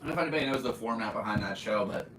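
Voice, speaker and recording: A rambling, chatty man hosts a casual solo podcast, his voice sitting fairly low. He sounds a little away from the mic, in an echoey room with a faint hiss behind him. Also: racing, fairly bright tone, far from the mic. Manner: rambling, chatty, with laughs and fillers. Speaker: podcast host.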